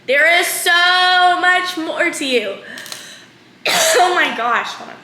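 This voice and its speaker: A woman's voice: very high-pitched, lively intonation, takes it slowly, roomy sound, noisy background. A woman in her twenties talking candidly to camera in a vlog, full of fillers and close to tears. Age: 20s. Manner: candid, filler-heavy, often near tears. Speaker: vlogger. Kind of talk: emotional casual confessional talk.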